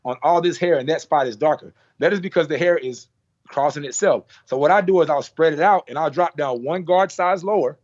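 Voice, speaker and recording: A man with a slightly high voice leads a hands-on haircutting class in a salon. He talks through each move with repeated cues like "watch this." The sound is dull and lo-fi. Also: a little fast. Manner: demonstrative, repetitive cues, playful sound effects. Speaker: barber educator.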